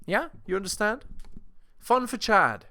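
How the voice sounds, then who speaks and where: A man talks over clips in a reaction video, his fairly high voice swinging up and down with lively intonation. He lectures his audience and keeps asking them rhetorical questions. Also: a little slow. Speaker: video commentator. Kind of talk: reaction commentary.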